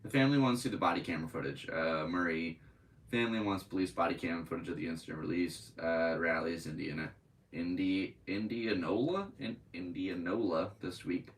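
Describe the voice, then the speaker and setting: A man's voice: low-pitched, brisk, distant mic, a little hiss or hum, low-quality recording. A man hosting a podcast, reading news aloud and breaking into profane, angry commentary. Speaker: podcast host.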